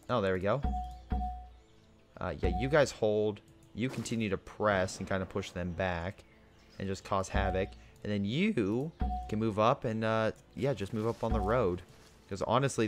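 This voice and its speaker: A young man giving casual commentary on his strategy game, thinking aloud as he orders his units about. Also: lowish voice. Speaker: gaming video host. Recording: game music behind the voice.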